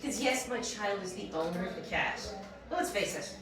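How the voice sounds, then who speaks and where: A young woman telling a funny personal story on a comedy stage. She talks in an animated way, laughs often and acts out the voices in her story. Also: mid-range voice, moderate pace, music in the background. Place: small comedy venue. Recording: roomy distant mic with audience. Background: audience laughing.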